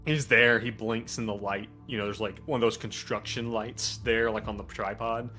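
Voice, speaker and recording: A man acting as game master for a tabletop game narrates casually, using lots of fillers. His fairly low voice is bright and forceful, with fairly even intonation at a normal speed. Soft music plays in the background.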